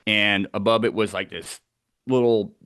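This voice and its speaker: A man with a somewhat low voice tells a tense first-person account of a wilderness encounter, acting out sounds as he goes. The recording is dry and close, with no room around him. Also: fairly even intonation, measured pace, fairly bright tone, clean tone, no echo. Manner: tense, vivid storytelling that acts out sounds. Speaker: eyewitness telling of a wilderness encounter.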